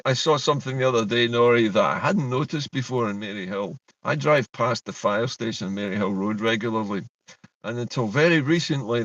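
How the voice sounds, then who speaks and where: A Scottish man co-hosting a political discussion, talking in an animated, indignant way. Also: on the low side, dry recording. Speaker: co-host. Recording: dull distant dry mic.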